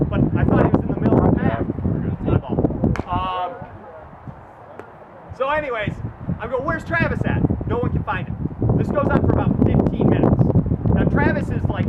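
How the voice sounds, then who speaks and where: A man, a track coach, tells a story as a lecture, talking loud and fast. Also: very high voice, animated, dull audio, very noisy. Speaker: track coach giving a presentation.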